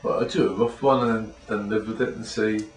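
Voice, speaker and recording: A man's voice: lowish voice, steady tone, fairly quick. A man giving thoughtful advice in a casual chat, sounding like a tutor. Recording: echoey room, mic far off.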